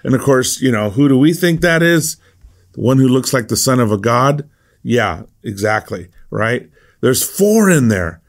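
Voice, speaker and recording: A man's voice: mid-range voice, expressive, unhurried. A middle-aged man, a pastor, giving a devotional Bible teaching in a conversational way, often repeating words as he gathers his thoughts.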